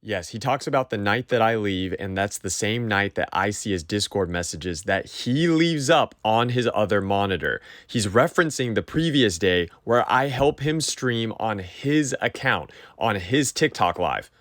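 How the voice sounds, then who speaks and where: A man's voice: lowish voice, expressive, normal speed, few pauses, a bit bright. A man giving commentary over clips, defensive and emphatic as he rebuts claims point by point. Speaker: YouTuber responding to a dispute.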